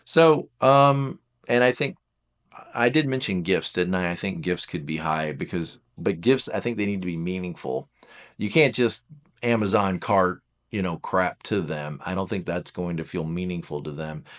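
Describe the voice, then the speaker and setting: A man giving a casual explanatory talk, animated and self-deprecating, often acting out quoted speech with big jumps in his voice. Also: sits low, normal speed. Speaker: teacher.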